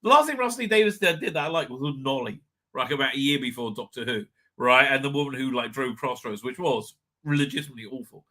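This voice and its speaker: A man's voice: medium pitch, lively intonation, fast talker, pushed and bright. A man from Britain hosting a casual live stream, rambling with frequent restarts and swearing. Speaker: livestream host.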